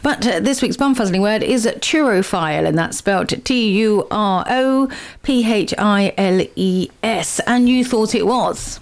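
A woman's voice: medium pitch, expressive, measured pace, few pauses. Chatty, giggly woman radio host. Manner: chatty and giggly, explains at length. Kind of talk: casual radio chat.

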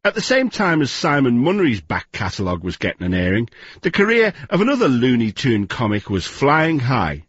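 Husky male radio presenter. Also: medium pitch, sing-song, a little fast, no room sound, lo-fi sound. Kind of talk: scripted narration.

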